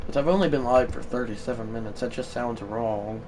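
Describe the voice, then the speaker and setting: A man streaming a baseball video game live, chatting loosely and bursting into shouted play-by-play calls. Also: mid-range voice, fairly even intonation, a little fast, hardly any pauses, distant mic, slight background noise, poor audio. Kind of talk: live gaming stream commentary.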